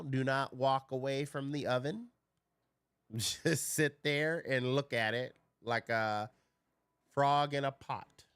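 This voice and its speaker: A man's voice: medium pitch, a bit bright, smooth, dry recording. A man chatting casually on a live stream, rambling through stories, swearing freely and answering his chat.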